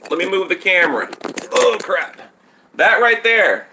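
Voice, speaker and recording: A man hosts a casual boxing live stream from home, talking straight to his viewers and wandering between points as he reads their comments. His voice sits high and cuts through with a bright, tense edge. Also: expressive, measured pace, slight background noise. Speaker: boxing channel host. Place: home setup in Texas. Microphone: tablet on live stream.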